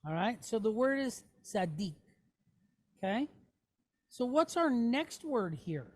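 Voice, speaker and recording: A woman teaches a classroom lesson at an unhurried, deliberate pace. She is patient, sounding words out and pausing to check in with her students before moving on. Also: a little high, very animated. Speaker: Hebrew teacher.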